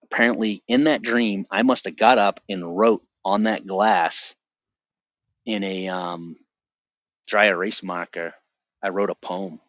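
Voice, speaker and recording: A middle-aged man sharing his personal religious testimony on a podcast, earnest and vivid, often halting and restarting his sentences. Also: deep voice, fairly even intonation, a bit bright, dry recording, highs cut off.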